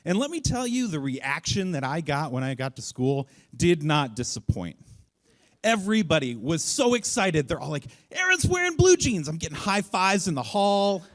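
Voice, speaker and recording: Animated male storyteller on stage. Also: moderate pace. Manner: animated, self-mocking, acts out voices with big jumps in pitch. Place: live event stage.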